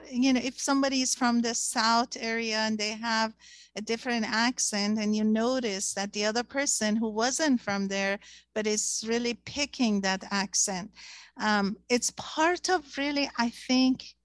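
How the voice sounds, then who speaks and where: A woman's voice: fairly high pitch, dry recording. A woman whose first language is Persian, talking in a casual discussion and searching for words with many fillers.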